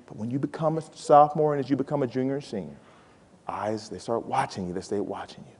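A man in his forties giving a playful, animated motivational talk to students and calling out to the audience. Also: medium pitch, quick pace, slightly rough. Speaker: college president giving a talk. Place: large hall with a live audience. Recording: hall reverb.

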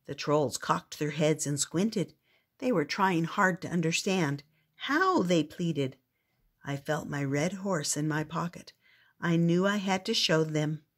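An older woman reading a picture book aloud, with expressive storybook narration. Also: low-pitched, a little slow, slightly rough.

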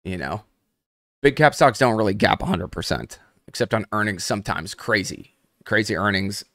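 A young adult man hosts a live trading stream with a somewhat low voice. He chats casually and addresses his viewers directly. The sound is close and dry. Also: expressive, moderate pace, a bit bright, no room sound. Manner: casual, chatty, talks straight to viewers in the chat. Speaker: host.

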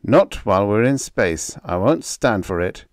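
A man's voice: fairly low pitch, expressive, unhurried, no echo, clean studio sound. A man voicing a stern, stubborn male spaceship captain in a storybook reading, giving firm commands.

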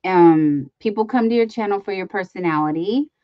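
Chatting loosely on her craft livestream, this host fills her talk with ums and restarts and occasionally slips into baby talk for her dogs. Her mid-range voice moves at a normal speed, captured without echo but sounding muffled.

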